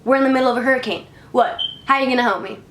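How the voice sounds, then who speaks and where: A woman's voice: high-pitched, rapid-fire, fairly bright tone, slight background noise. Woman doing an indignant stubborn old man. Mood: dismissive. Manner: slangy, indignant complaining. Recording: roomy echo.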